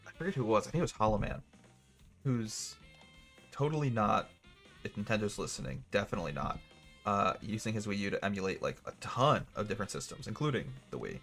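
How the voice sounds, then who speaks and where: Joking young male game streamer, low voice. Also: expressive, fairly quick, gravelly, fairly bright tone, faint music behind. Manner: joking, rambling, sarcastic. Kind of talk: gaming livestream chat.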